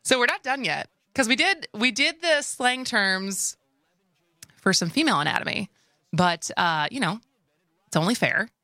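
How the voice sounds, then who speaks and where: Bright-voiced chatty Wisconsin woman host. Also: medium pitch, animated, normal speed, no echo, studio quality. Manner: chatty, laughs easily, restarts often. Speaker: radio talk show co-host. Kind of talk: casual radio chat. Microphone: studio microphone.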